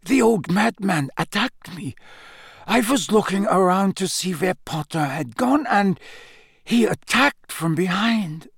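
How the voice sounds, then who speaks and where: A man's voice: sits high, lively intonation, a little slow, a bit bright, breathy edge, dry recording, clean studio sound, voice pushed up, heavily acted. Man doing a dazed, muttering young student.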